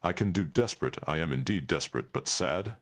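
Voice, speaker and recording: A man's voice: sits low, lively intonation, fairly quick. A man playing a stranded male Klingon alien who speaks stiffly and formally, without contractions, in a tabletop role-play. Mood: earnest. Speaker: player.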